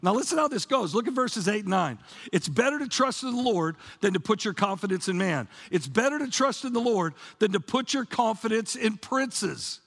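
A man's voice: sits high, animated, moderate pace, creaky, fairly bright tone, slightly rough. A man preaching a sermon to his church, fervent and casual, repeating "man" and restarting his phrases. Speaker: pastor.

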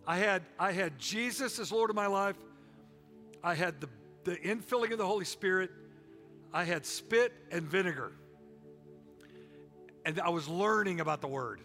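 A middle-aged male pastor preaches in a folksy, joking, emphatic way. His voice is bright and a little high for a man. Soft music plays faintly behind him. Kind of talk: sermon.

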